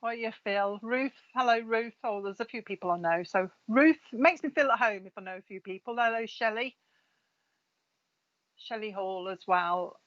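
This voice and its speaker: A woman's voice: mid-range voice, normal speed, a bit bright. A middle-aged woman, a spiritual medium chatting casually on a live stream, reading out viewers' names in a friendly, gossipy way. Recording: slightly dull lo-fi live-stream audio.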